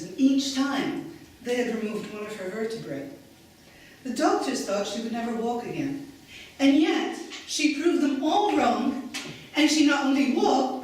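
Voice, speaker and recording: A woman giving an inspirational stage talk, telling her story in an emphatic way, with a fairly high voice and an unhurried pace. Her voice is picked up by a distant mic and echoes strongly through a large hall, with faint ambient noise behind. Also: darkish tone. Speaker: speaker.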